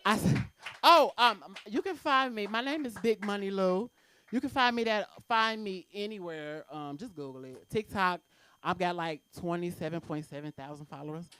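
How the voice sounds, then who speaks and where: A woman's voice: fairly low pitch, lively intonation, moderate pace, a bit bright, clean tone, no echo. A woman doing a brash, profane stand-up set at an open mic in a comedy club.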